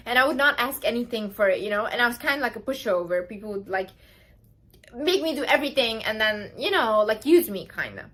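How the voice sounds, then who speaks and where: Young woman vlogger, slightly high voice, emphatic and chatty, coaching viewers. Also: expressive, a little fast, fairly bright tone. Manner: emphatic, chatty, full of "like" and "literally". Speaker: vlogger giving confidence advice. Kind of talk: casual advice talk to camera.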